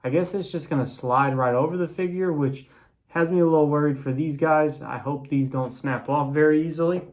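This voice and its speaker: A man's voice: on the high side, brisk, darkish tone. A man casually reviewing an action figure on camera, talking loosely with lots of fillers and restarts. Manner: rambling, many fillers and restarts. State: has the hiccups. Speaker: toy reviewer.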